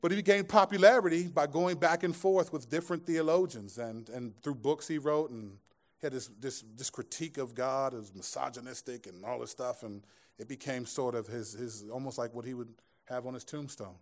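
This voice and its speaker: A man's voice: medium pitch, moderate pace. A man pastor giving a sermon to a live congregation in a conversational style, mixing scripture with jokes and asides. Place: church room with a live audience.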